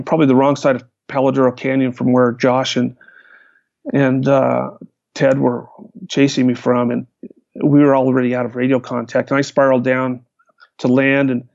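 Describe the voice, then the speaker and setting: A man, a hang glider pilot, recounting his flights in a lively storytelling manner. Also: mid-range voice, vocal fry, no room sound. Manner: animated, vivid retelling with restarts. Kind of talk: storytelling in a conversation. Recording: dull, lo-fi, dry sound.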